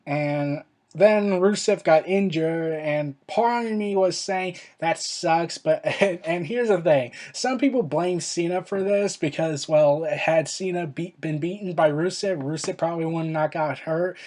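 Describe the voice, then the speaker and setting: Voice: medium pitch, measured pace, hardly any pauses, darkish tone. A vlogger giving casual, opinionated wrestling commentary, rambling and often correcting themselves. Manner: rambling, exasperated, self-correcting.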